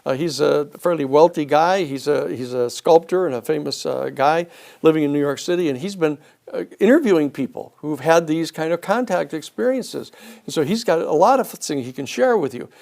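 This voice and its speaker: A man giving a storytelling lecture, an animated speaker who acts out the people he quotes. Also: a little high, normal speed, gravelly.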